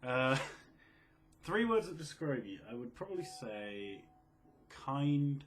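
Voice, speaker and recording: A quiet, low-key young man in casual chat, reading out and answering viewer questions. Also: very animated, slow, slight background noise. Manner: quiet, low-key, self-described mellow and sleepy.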